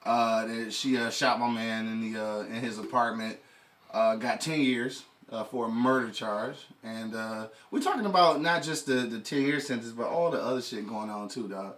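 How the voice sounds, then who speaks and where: A man's voice: medium pitch, moderate pace, a bit bright, distant mic. Profane, laughing man hosting a podcast, off-mic. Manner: loose, profane, laughs often, restarts a lot. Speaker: podcast host. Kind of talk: casual chat.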